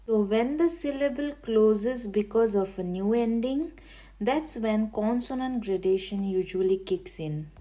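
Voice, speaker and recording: Slow, careful woman teaching grammar. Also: mid-range voice, warm tone. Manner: careful, syllable-by-syllable explaining. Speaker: language teacher. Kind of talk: slow, deliberate grammar lesson.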